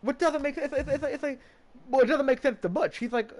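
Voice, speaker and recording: A man's voice: extremely high pitch, fast talker. A man streaming a game, casually recapping its story in a rambling way, restarting sentences and swearing now and then.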